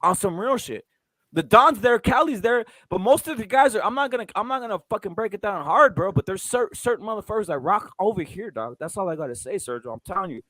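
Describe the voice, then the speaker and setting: High-voiced ranting man, dry sound. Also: animated, fast talker, bright, forceful tone, no echo. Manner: profane, ranting, repetitive. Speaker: host. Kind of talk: casual boxing chat stream.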